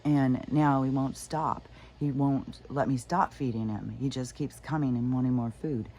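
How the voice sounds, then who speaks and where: An anxious, distressed wife explaining herself in halting, pleading bursts, as a vlogger voices her in a retold story. Her voice stays close to an everyday speaking tone, unsettled and earnest. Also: medium pitch, fairly even intonation, a little mellow, natural voice. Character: distressed rural wife confessing.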